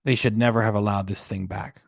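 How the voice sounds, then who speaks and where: A man's voice: lowish voice, steady tone, brisk, gravelly. A man rambling casually on a livestream about his troubles.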